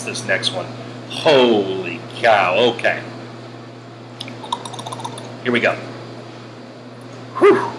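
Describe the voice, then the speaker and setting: A man teaching a grammar lesson over slides, animated and joking with exclamations. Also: medium pitch. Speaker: English teacher. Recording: air conditioning hum behind.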